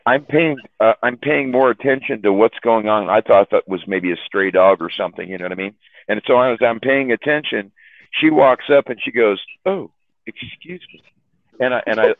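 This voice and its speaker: Over a dry, tinny, phone-like line, a mid-range-voiced man casually spins rambling stories for a chat room. He trips over and repeats words and laughs a great deal; there's no room sound.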